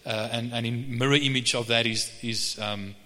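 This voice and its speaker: A male pastor preaching a sermon in a conversational way, with frequent restarts, and reading scripture slowly. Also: medium pitch, steady tone, bright, forceful tone. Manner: slow measured reading of scripture. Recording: reverberant hall.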